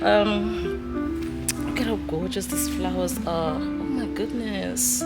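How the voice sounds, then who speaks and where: A woman's voice: medium pitch, slow. A woman vlogging casually from a car and a dealership lot, emotional, laughing and tearful. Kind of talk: casual vlog chat. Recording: music playing clearly behind.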